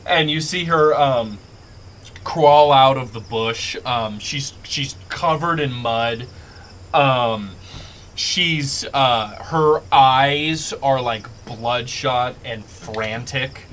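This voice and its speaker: A man's voice: mid-range voice, extremely slow, fairly bright tone, a little hiss or hum. A man narrating as game master of a tabletop game, hesitant, with many fillers. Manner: hesitant, many ums and uhs; laughs often.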